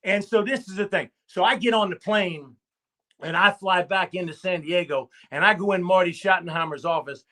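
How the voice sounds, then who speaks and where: Bright, high-voiced emphatic football coach. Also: male voice, normal speed. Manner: emphatic and repetitive, rallying with "okay?" and "I'm gonna tell you what". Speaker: football coach, interview guest. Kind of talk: animated storytelling in a live stream interview.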